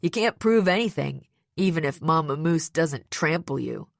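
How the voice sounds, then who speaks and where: A woman's voice: low-pitched, lively intonation, moderate pace, vocal fry, no echo, clean studio sound. A woman voicing a smug young male villain in an audiobook, speaking sarcastically and mockingly. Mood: sneering. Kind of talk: audiobook character voice.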